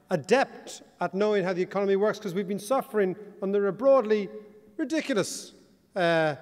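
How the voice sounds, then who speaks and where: An Irish man delivers a conference keynote in a wry, joking, animated way. His voice sits high for a man. The sound carries the long reverb of a large hall. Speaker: keynote speaker. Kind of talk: conference speech.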